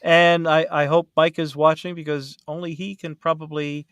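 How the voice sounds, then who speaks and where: A man's voice: fairly high pitch, little pitch movement, moderate pace, a bit bright, clear, resonant tone, dry recording, dull audio. Male podcast host, chatty and rambling, full of fillers; dry recording. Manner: rambling, with many fillers and restarts. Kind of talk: casual chat.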